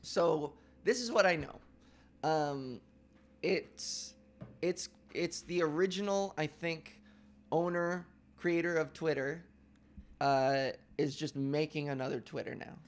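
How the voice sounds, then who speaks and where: A man's voice: fairly high pitch, slow pace. A man hosting a casual podcast, ranting in a profane, self-mocking way. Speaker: podcast host.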